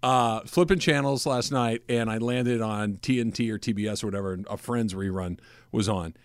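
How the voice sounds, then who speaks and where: A man's voice: lowish voice, moderate pace, smooth, no room sound. A man hosting a casual sports talk radio show, talking emphatically into a studio microphone.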